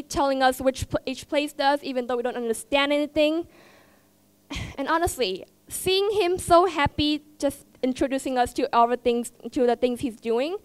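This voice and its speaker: High-voiced teenage girl giving a heartfelt speech. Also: no room sound. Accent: Vietnamese. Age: teens. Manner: heartfelt, halting, repeats herself. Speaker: student speaker. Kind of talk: emotional personal speech. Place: school event stage.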